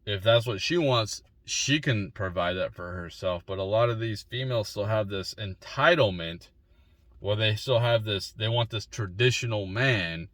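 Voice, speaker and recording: A man's voice: on the low side, moderate pace, a bit bright, no room sound. Rambling man in his forties, dry sound. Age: 40s. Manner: rambling, with frequent restarts and repeated words. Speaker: vlogger. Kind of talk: opinionated solo monologue.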